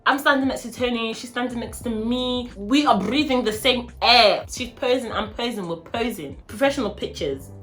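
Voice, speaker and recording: A woman vlogger telling a story in a dramatic, animated way. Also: fairly high pitch, normal speed, hardly any pauses, soft background music. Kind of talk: storytime vlog.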